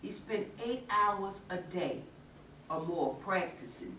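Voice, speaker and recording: A woman's voice: medium pitch, lively intonation, slow, pushed and bright. Woman, earnest, emphatic, folksy, church chat, echoey room, distant mic. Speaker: church discussion participant. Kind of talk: casual faith discussion. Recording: echoey room, mic far off, faint noise.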